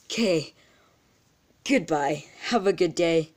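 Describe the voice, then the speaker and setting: A woman's voice: on the low side, takes it slowly. A young woman vlogging as she opens trading card packs, gasping and exclaiming over her pulls. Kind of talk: excited unboxing vlog.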